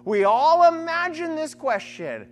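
A preacher teaching from scripture in a sermon, animated, often checking in with "right?" and acting out imagined voices. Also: high-pitched, measured pace. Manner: animated, keeps asking "right?". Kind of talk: sermon-style Bible teaching.

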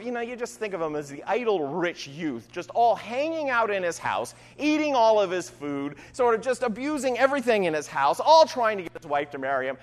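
A lively preacher whose pitch rises and falls widely, working through a passage with rhetorical questions and quick asides. The voice rings out with a long reverb, as in a large sanctuary. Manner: restarts with "I mean". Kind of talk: conversational sermon.

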